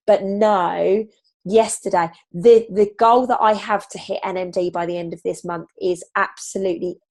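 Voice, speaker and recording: A slightly husky woman, leading a motivational team training on a video call from home, animated and casual, with the odd swear word. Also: medium pitch, normal speed. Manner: animated, swearing, upbeat pep talk. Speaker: team leader.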